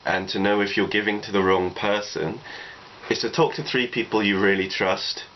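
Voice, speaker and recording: A man's voice: fairly low pitch, fairly even intonation, moderate pace. A man, talking through personal advice in a reflective, rambling way, leaning on "you know" a lot. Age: 20s. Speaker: vlogger. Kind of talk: casual advice monologue. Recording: dull lo-fi recording with faint noise.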